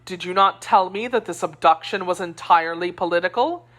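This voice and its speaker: A woman's voice: on the low side, fairly quick, a bit bright. A woman voicing a self-important, timid middle-aged male mercer in an audiobook reading, proud and defensive. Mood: pompous.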